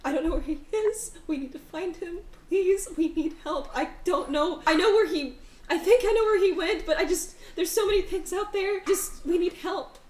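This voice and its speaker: Woman GM voicing a frantic tearful mother, high, pleading voice, echoey room. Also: moderate pace. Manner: pleading, breathless, on the verge of tears. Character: desperate exhausted woman searching for her lost son.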